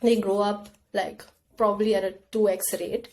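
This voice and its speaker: A woman's voice: medium pitch, level tone, normal speed, darkish tone. A young woman guest on a podcast, talking things through in a casual, reflective way and acting out her own inner voice. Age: young adult. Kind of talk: casual conversation.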